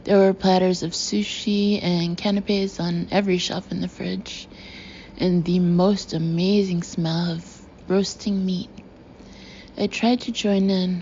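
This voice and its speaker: A woman's voice: mid-range voice, vocal fry, darkish tone, slight background noise. Woman narrating a chatty novel. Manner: wry, chatty inner monologue. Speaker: audiobook narrator. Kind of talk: first-person novel narration. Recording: slightly muffled recording.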